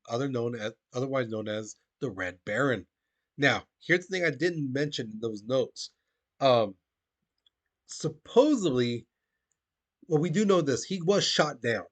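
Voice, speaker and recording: A man's voice: medium pitch, animated, a little slow, a bit bright. A male history teacher giving a casual, conversational classroom lecture, talking to his students as "guys". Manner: conversational, addresses listeners as "guys", frequent restarts.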